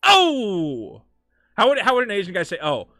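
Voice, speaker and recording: Man, gaming streamer, casual commentary, swears a lot, bright, dry close mic. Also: high-pitched, racing, no room sound, faint music behind. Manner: crude, rambling, joking, swears freely.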